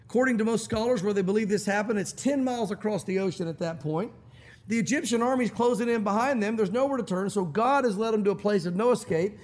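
A middle-aged pastor delivers a sermon, acting out quoted voices with lots of animation. His voice is high-pitched and he speaks quickly.

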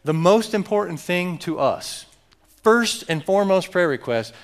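A man's voice: high voice, expressive, a little slow. A man preaching a sermon as pastor, emphatic and joking with his congregation.

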